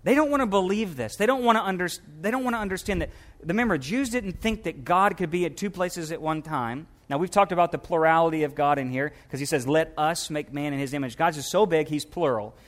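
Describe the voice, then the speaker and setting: A middle-aged pastor from Louisiana preaching a sermon, animated, dropping his voice low and soft for quoted scripture. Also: fairly quick.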